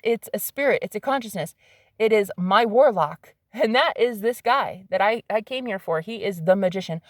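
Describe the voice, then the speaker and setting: A psychic medium and tarot reader gives her viewers a casual reading, excitable and cursing freely as she swings between hushed asides and loud exclamations. Her voice is fairly high, recorded with clean studio sound and no echo.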